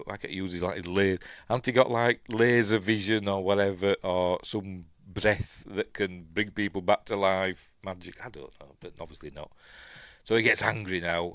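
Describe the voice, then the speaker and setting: A man's voice: lowish voice, fairly bright tone, no echo, clean studio sound. A man with a Yorkshire accent giving a casual, rambling review while watching a film, full of fillers and chuckling asides. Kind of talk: casual commentary over a film.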